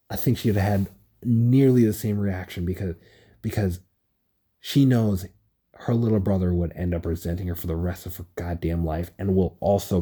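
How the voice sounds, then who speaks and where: A young man alone at home, recording a casual solo rant on his phone, rambling excitedly and swearing often. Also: low-pitched, breathy edge. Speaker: podcast host. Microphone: phone recording app.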